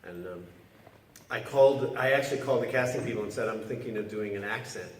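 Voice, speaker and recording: A male actor guest at a convention panel, telling relaxed, halting anecdotes with restarts and laughs. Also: on the low side, slight background noise. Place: large convention hall panel stage. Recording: roomy hall audio taped from far off.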